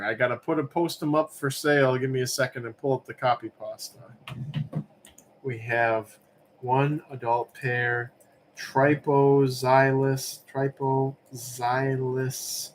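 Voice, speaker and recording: A man's voice: medium pitch, a little hiss or hum. A man hosting a live-stream auction, chatting casually and rambling with lots of fillers. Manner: relaxed, rambling, many fillers.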